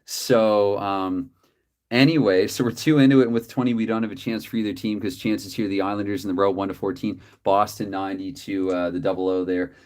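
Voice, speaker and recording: A man calling play-by-play for a dice hockey game from his desk, chatty and quick to correct himself with apologetic asides. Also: lowish voice, steady tone, a little mellow. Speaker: tabletop hockey game host.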